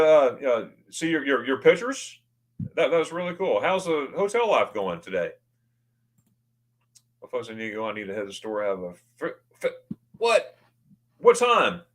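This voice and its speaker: Running a laid-back livestream, a man from the United States welcomes viewers by name and reads their comments aloud. His fairly high-pitched voice is excitable, and he frequently stumbles and starts his words over.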